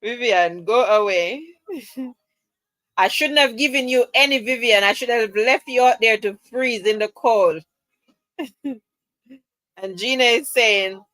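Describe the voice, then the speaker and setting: A woman with a higher, bright voice hosts a live chat, talking slowly and teasing her viewers as she reads their comments. She laughs often and keeps it chatty. The sound is close and dry. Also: no room sound, low-quality recording. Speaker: livestream host. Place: at home, camera off.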